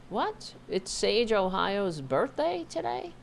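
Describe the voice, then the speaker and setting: Host type: sarcastic woman, low-pitched, slow and animated, talking to her dog at home. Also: a little hiss or hum. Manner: sarcastic, scolding, rambling asides. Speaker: host of a political livestream. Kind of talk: live-streamed political commentary.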